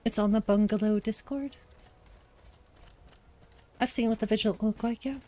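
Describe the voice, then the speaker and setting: A woman casually commenting on her gameplay as a streamer, chatty and relaxed, thinking aloud as she plays. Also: mid-range voice, moderate pace. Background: soft lofi music.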